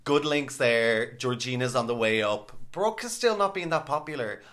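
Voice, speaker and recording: A man hosts a podcast from his home, talking in an upbeat, chatty way and swearing casually. His voice sits at a middle pitch. He runs through the conversation with easy enthusiasm. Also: animated, normal speed, a bit bright. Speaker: podcast host. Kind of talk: casual chat. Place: home, by a fire.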